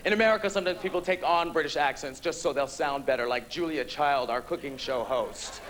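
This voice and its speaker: A man performing a stand-up comedy set on a theatre stage, campy, with quick punchlines. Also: fairly high pitch, background noise. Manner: campy, rapid punchlines with quoted voices.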